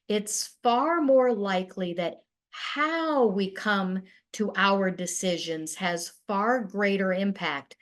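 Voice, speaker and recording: A middle-aged woman, a family therapist, presenting a webinar in an earnest, measured way. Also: medium pitch. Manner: earnest, measured, with quoted dialogue acted briefly.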